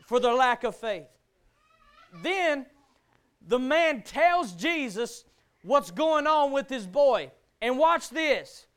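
A man preaching a sermon, building to shouts and firing rhetorical questions. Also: very high voice.

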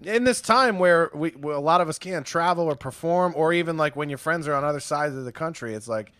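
Comic guest, male, fairly high voice, crude laid-back banter, dry sound. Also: fairly quick, a bit bright, no room sound. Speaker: podcast guest, comedian. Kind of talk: casual podcast chat. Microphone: remote call.

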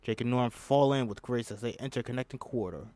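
A man's voice: mid-range voice, fast talker, warm tone, no room sound. Man casually reading a screenplay aloud. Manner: reads plainly, breaks off with joking asides. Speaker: script reader. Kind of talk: casual script read-through with asides.

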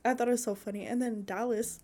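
A young woman co-hosting a podcast, telling animated family stories in casual chat and laughing often. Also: on the high side, quick pace. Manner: animated storytelling, acts out family quotes, laughs a lot. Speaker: podcast co-host.

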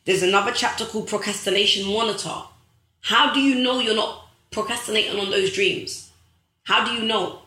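A woman's voice: mid-range voice, normal speed, sharp tone, echoey room. A young woman hosting a live stream, giving a motivational talk to her viewers with emphatic, preachy repetition and calling them guys. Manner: preachy, emphatic, repeats phrases for effect; addresses viewers directly as guys.

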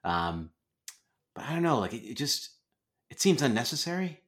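A man co-hosting a podcast in casual chat, halting and repeating words, with dry jokes. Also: medium pitch, very animated, a bit bright. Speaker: podcast co-host.

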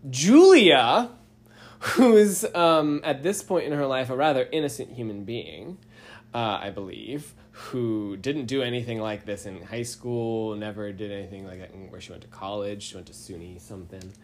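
A man's voice: lowish voice, normal speed. A young man casually telling a story on a podcast, rambling and self-deprecating, often laughing mid-sentence. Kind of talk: casual chat.

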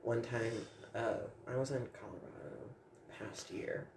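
A man telling stories in a casual chat as a guest, animated and swearing freely. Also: medium pitch, unhurried, creaky. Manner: animated, profane storytelling. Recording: echoey room with faint background hum.

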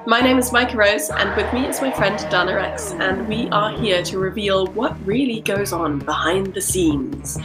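A woman who is a singer, co-hosting a podcast in a relaxed, reflective chat. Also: medium pitch, moderate pace, hardly any pauses, loud music behind the voice. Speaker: podcast co-host.

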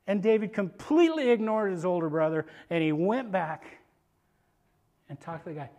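A male preacher in a sermon, retelling a scripture story in an animated, conversational way. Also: high voice, moderate pace, pauses often.

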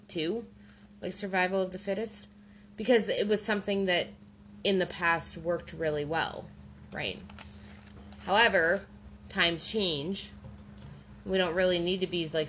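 A woman's voice: lowish voice, fairly bright tone, slight background noise. A woman chatting casually as a podcast co-host, explaining her points and often checking in with "right?". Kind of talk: casual conversational chat.

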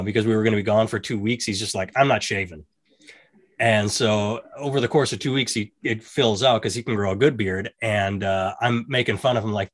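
A man hosting a casual chat, telling stories animatedly and acting out the quotes. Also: fairly low pitch. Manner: animated storyteller, acts out quotes. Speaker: podcast host.

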